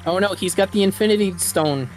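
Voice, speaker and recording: A man's voice: high-pitched, faint music behind. A man co-hosting a casual gaming let's play, wisecracking and chatty. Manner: wisecracking, quick commentary.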